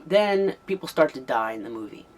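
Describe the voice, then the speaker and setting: A man's voice: a little high, sing-song, brisk, slight background noise. A man giving a casual, rambling spoken review of an old horror tape, with frequent ums and restarts. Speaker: VHS movie reviewer.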